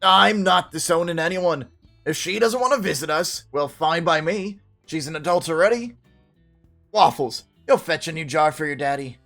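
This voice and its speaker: A man voicing a gruff, grumbling middle-aged father in a game, speaking slowly and loudly. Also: on the high side, animated, soft background music. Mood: grumpy. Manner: grumbling, slow.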